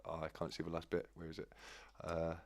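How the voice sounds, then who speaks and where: A man hosting a livestream, calling a race with excitable commentary that builds to shouts, then chatting casually. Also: sits low, fairly quick. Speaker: host.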